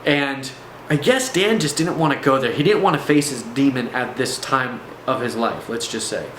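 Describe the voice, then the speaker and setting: A man's voice: medium pitch, moderate pace, fairly bright tone. A man telling a personal story in a casual, rambling way, with fillers and restarts. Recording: echoey room, faint background noise.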